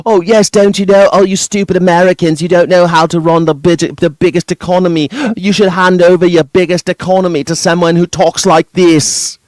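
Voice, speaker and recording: A man putting on a smug posh Brit, high and sing-song. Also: flat delivery, a little fast, hardly any pauses, darkish tone, dry recording, natural voice. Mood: smug mocking. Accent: mock British. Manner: haughty, sing-song, mocking. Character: pompous posh British man, smug and condescending.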